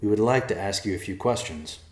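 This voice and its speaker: A man's voice: lowish voice, a little fast, reverberant, close to an everyday voice. A man voicing an earnest, polite young human man on a quest.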